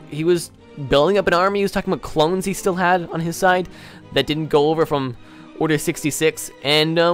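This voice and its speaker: A young man hosting a modded game, chatting excitably to viewers and slipping into playful villain role-play. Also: on the high side. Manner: excitable, keeps addressing viewers as guys. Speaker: gaming channel host.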